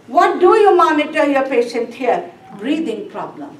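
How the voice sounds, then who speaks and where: A woman's voice: high-pitched, big pitch swings, a little slow. A woman teaching a nursing review class, asking and answering her own questions and repeating key words. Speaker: nursing instructor. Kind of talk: classroom lecture. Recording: roomy classroom from a distance.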